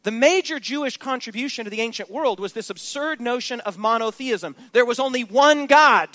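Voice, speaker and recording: A man preaching a sermon in an emphatic, rhetorical style, often turning questions to his listeners. His voice sits very high for a man. The recording is dry and close. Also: animated, normal speed, sharp tone, no room sound.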